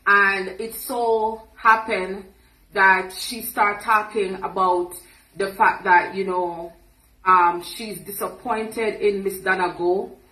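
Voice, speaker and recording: A woman speaking calmly and earnestly in an interview clip. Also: medium pitch, echoey room, low-quality recording. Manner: calm, measured, earnest.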